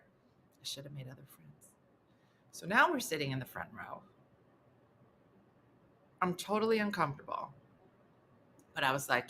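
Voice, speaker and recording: A woman comedian spins a funny story with exasperated flair. Her pitch leaps and dips all the time. Her voice is bright and forceful. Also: sing-song, moderate pace, pauses often. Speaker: comedian host. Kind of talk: comic storytelling.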